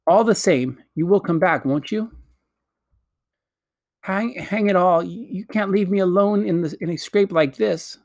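A man's voice: a little high, expressive, moderate pace, hardly any pauses, a little mellow, voice pushed up. A man reading aloud, voicing a flustered young English boy who stammers and pleads. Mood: pleading.

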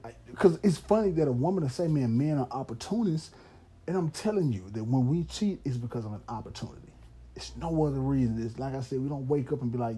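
A man talks through a personal story on his podcast. His voice is very dark and mellow, and his pitch sits at an ordinary middle. He sounds loose and candid, and he laughs easily between thoughts. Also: slightly rough. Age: 30s. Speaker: podcast host. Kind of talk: casual storytelling monologue.

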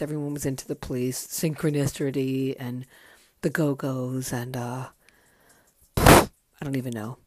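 A woman's voice: extremely low pitch, a little mellow, husky, no room sound. A woman in her fifties, a podcast host telling memories in a candid, chatty way with plenty of swearing. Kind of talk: casual memoir storytelling.

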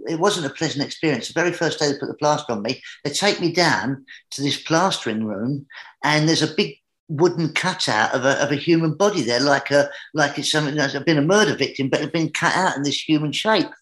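An English man tells a comic tale from his youth, his voice pitched a touch high and growing livelier as the story builds. The recording sits in a roomy space with a noticeable echo. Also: brisk, a bit bright. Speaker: guest entertainer. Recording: roomy echoey room.

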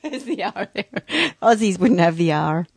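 A woman's voice: mid-range voice, big pitch swings, a little slow, vocal fry, husky, no room sound. A woman co-hosting a casual comedic podcast, teasing her partner playfully and laughing easily. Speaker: podcast co-host.

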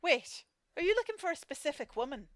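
A brisk, sarcastic dating agent with an Irish accent, as a woman acts her out, high-voiced and swooping. She delivers dry put-downs with a lively, rising and falling tone. The sound is close and dry. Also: no echo. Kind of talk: comedy sketch acting.

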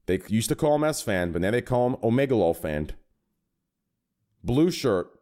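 A man's voice: mid-range voice, animated, normal speed, dark tone. A man hosting a casual podcast, introducing guests with rambling jokes. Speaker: podcast host.

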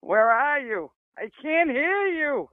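A woman with a high voice playfully going along with a prank caller, heard over a tinny phone line. She sounds dry and close. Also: sing-song, slow pace, no room sound. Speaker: prank call target. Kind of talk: phone conversation.

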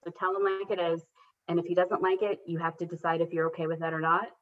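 A woman's voice: on the low side, little pitch movement, quick pace. A woman in her thirties, a guest telling a candid story about parenting with self-deprecating humor, livening up when she quotes her children. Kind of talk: casual conversational storytelling. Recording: dull lo-fi audio.

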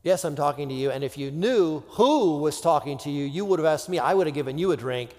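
A man playing a patient, persistent male teacher who speaks calmly and insistently in a sermon retelling. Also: a little high, a little fast, big-room sound, natural voice.

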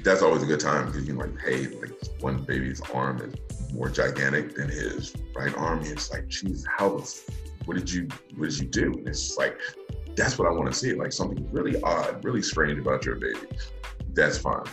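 A man's voice: a bass voice, animated, brisk, creaky, fairly bright tone, echoey room, soft background music. An American man chatting casually and joking, with many "like" fillers. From United States. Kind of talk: casual comedic chat.

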